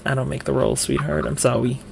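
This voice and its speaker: A man running a tabletop game as dungeon master, narrating in a halting way with frequent ums. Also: mid-range voice, big pitch swings, vocal fry, darkish tone, a little hiss or hum.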